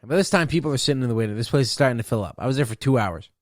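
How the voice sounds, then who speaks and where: A man's voice: mid-range voice, lively intonation, racing, no room sound, studio quality. A man hosting a comedy podcast, telling a story as a profane, exasperated rant.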